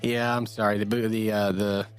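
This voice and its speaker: A man's voice: lowish voice, level tone, moderate pace, soft background music, natural voice. A man playing an easygoing, polite agent. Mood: apologetic.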